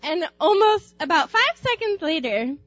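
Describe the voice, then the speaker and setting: A young woman with a high voice tells a personal story in a lively, animated way, laughing as she goes and acting out screams. The recording is dry and slightly muffled, with faint music underneath. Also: unhurried, dry recording. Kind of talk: personal anecdote told aloud.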